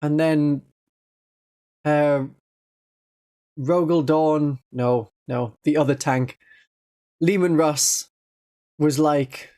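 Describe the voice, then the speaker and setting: Gentle Northeast English streamer voice. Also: medium pitch, steady tone, extremely slow, long pauses. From northeast England. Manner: gentle, laughs often. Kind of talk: casual livestream chat.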